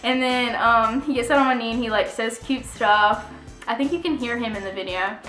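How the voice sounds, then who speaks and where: A young woman tells a story to her vlog camera, chatty and animated, often breaking into laughter. Her voice is bright and a little high. The room is echoey, with faint music under it. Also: brisk. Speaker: vlogger. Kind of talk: casual storytime.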